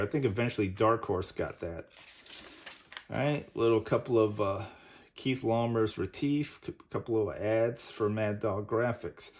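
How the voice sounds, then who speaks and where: A man hosting a casual comic book review, rambling and leaning on "basically" as he retells the story. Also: mid-range voice. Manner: rambling, says "basically" often.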